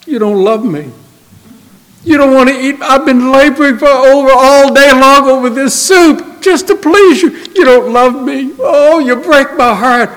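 A man's voice: extremely high pitch, unhurried, a bit bright, big-room sound, voice pushed up, low-quality recording. A man voicing a melodramatic, guilt-tripping middle-aged mother who wails and pities herself. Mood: wounded melodrama. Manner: wailing, self-pitying complaints.

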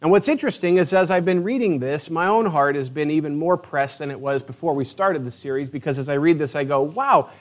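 A man's voice: a little high, quick pace, few pauses. A man pastor preaching a sermon in a church, earnest and conversational, with frequent restarts. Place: church sanctuary.

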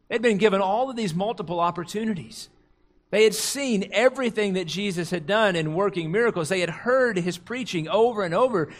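A middle-aged man preaching a sermon, earnest, slowing and softening on quoted prayers and scripture, and rising in pitch and force when he stresses a point. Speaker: pastor.

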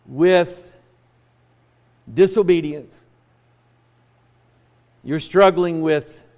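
A man preaching a sermon as pastor, at times raising his voice and at times speaking softly and personally. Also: on the high side, vocal fry. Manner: preaching loudly then dropping to a soft, personal tone.

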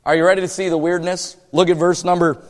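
A man preaching a sermon, dramatic, swinging between loud and hushed, acting out the lines of Bible characters. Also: high-pitched, little pitch movement, quick pace. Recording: long hall reverb.

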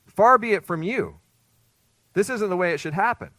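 A man voicing the disciple Peter as he loudly and emphatically protests. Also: sits high, expressive, moderate pace, dry recording, voice pushed up. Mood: indignant.

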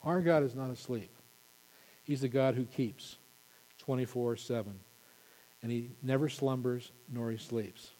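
A male pastor preaching an impassioned sermon, building to loud emphatic peaks. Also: mid-range voice, level tone, unhurried, pauses often, big-room sound.

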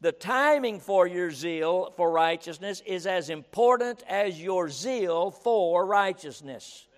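Slow and animated, with a voice sitting high, a preacher drives his sermon home in an echoing auditorium. He circles back over his points again and again and keeps interjecting "listen."

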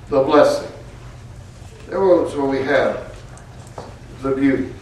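A man preaches slowly and deliberately, his voice a little high for a man. He climbs to loud, lifted peaks, then sinks to hushed, low phrases. He is captured from a distance in a very echoey church, with a faint hum of room noise behind him. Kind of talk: sermon.

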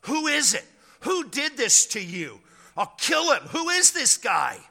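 A preacher voicing an agitated young man who pleads and then shouts, heard in an echoey church hall. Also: very high voice, wildly swooping pitch, measured pace, vocal fry, pitched above the performer's own voice, exaggerated voice.

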